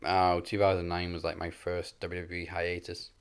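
A man with a notably low voice co-hosts a casual wrestling podcast. He makes dry, unhurried remarks in between the others' talk. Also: completely flat delivery, smooth. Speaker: podcast co-host.

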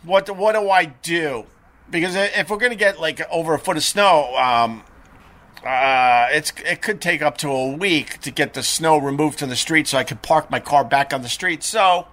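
A middle-aged man with a bright, forceful voice pitched a bit high, hosting a live stream. He tells chatty, rambling anecdotes, full of "uh"s and restarts. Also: moderate pace. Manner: chatty, animated anecdotes with frequent fillers and restarts. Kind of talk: casual rambling storytelling.

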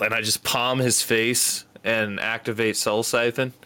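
A man's voice: lowish voice, level tone, moderate pace, hardly any pauses, sharp tone, smooth. A man playing in a tabletop game, describing his character's moves plainly. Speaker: player. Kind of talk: casual tabletop play.

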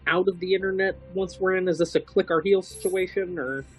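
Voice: mid-range voice, fairly even intonation, a little fast, soft background music, rough recording. Playful player asking questions. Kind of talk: casual tabletop game chat.

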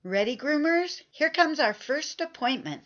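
A woman's voice: sits high, very animated, unhurried, lo-fi sound, over loud music. A woman hosting a podcast, chatty and upbeat, steering the talk. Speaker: podcast host. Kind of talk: casual podcast chat.

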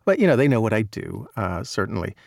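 Gravelly low-voiced male narrator. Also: big pitch swings, fast talker, a little mellow, no room sound, studio quality. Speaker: audiobook narrator. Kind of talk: casual interview chat.

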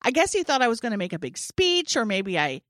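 A woman's voice: fairly high pitch, brisk, no echo, studio quality. A woman in her forties telling a long funny story in casual chat, acting out what people said and laughing often. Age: 40s. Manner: animated storyteller, acts out quotes, laughs often.

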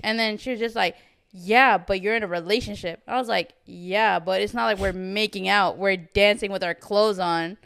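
A woman's voice: medium pitch, moderate pace, vocal fry, smooth. A young woman co-hosting a podcast, telling a story in a casual chat and acting out what people said, with some swearing. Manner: animated storytelling, acts out quotes, swears. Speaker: podcast co-host.

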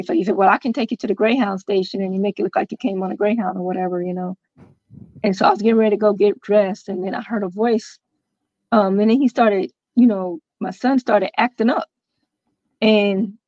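A woman's voice: medium pitch, darkish tone, no room sound. Woman guest telling her story on a podcast, lots of "you know", dry close sound, a bit muffled. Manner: recounts events with many fillers and quoted dialogue. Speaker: interview guest. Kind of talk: personal storytelling in a podcast interview.

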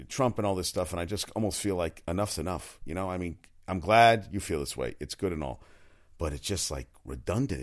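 Man, very low voice, casual sports talk, rambling, profane, opinionated. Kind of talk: casual sports commentary monologue.

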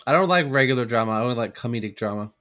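A man's voice: mid-range voice, animated, rapid-fire, fairly bright tone. A man on a casual podcast who throws in dry, teasing one-liners. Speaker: podcast co-host. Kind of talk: casual chat.

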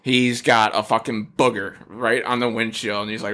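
A man's voice: on the low side, flat delivery, normal speed, sharp tone. A man in casual chat, laughing and bantering with friends.

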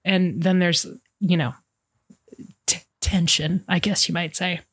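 A woman's voice: fairly low pitch, fairly even intonation, measured pace, breathy edge, no echo. A woman co-hosting a podcast, recapping a TV series in a rambling, playful, jokey way. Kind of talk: casual recap chat.

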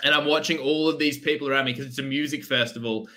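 Young Aussie man, bright tone, rambling anecdote between laughs; casual podcast chat. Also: medium pitch, fairly even intonation, fast. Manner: laughing storyteller, trails off mid-sentence.

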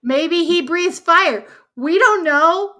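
A woman playing along in a story game, making joking, drawn-out asides. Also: extremely high pitch, animated, pushed and bright. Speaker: player. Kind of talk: casual banter during a story game.

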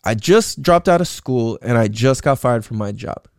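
A man's voice: mid-range voice, lively intonation, moderate pace. A young man in his twenties telling his life story in a loose, rambling monologue, swearing often and leaning on "like" and "you know what I'm saying".

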